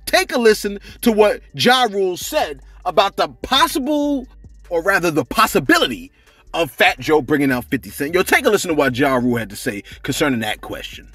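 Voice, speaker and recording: Lively high-voiced man gossiping. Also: a little fast, no echo, soft background music. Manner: animated, laughing, repeats "you see what I'm saying". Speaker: celebrity gossip channel host. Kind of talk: casual gossip commentary.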